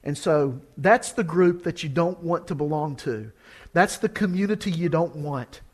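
A man's voice: on the high side, moderate pace, breathy edge. A man preaching a sermon, reading scripture with earnest urgency.

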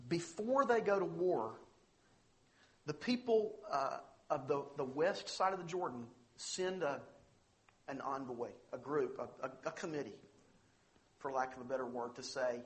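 A man's voice: a little high, expressive, moderate pace. A man preaching a sermon, earnest and emphatic, pressing hard on the scripture he reads out. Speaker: pastor.

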